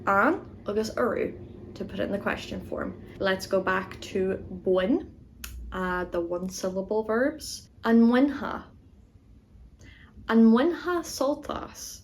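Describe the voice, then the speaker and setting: A woman language teacher speaks at an unhurried, careful pace, saying each example twice so learners can copy her. Her voice sits in a middle register over a faint background hiss. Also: medium pitch, low-quality recording. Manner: slow, deliberate, repeating each word twice. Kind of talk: explaining grammar and modeling pronunciation.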